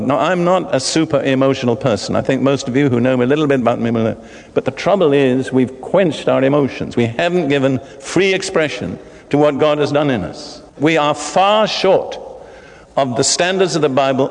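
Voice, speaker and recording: An older man preaching a sermon in an emphatic way, climbing into excited bursts. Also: medium pitch. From Britain. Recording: long hall reverb.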